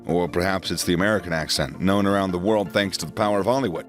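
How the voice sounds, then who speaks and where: A man's voice: deep voice, quick pace, soft background music. A man narrating an educational explainer in a conversational way, with small asides and chuckles.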